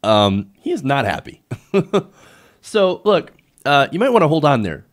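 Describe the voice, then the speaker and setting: A man's voice: on the high side, sing-song, unhurried. A young man hosting an online political commentary show, talking in a conversational, opinionated way with frequent hesitations.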